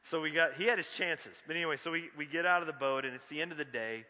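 A male pastor preaching a sermon in a church, reading scripture and telling a story in a conversational, animated way with joking asides. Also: a little high, fast talker. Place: church sanctuary. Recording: long reverb of a large church hall.

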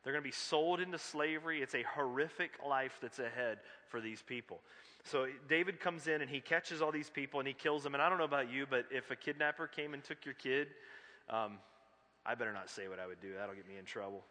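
A male pastor preaching a sermon in a church, reading scripture and telling a story in a conversational, animated way with joking asides. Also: medium pitch, fairly quick. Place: church sanctuary. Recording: long reverb of a large church hall.

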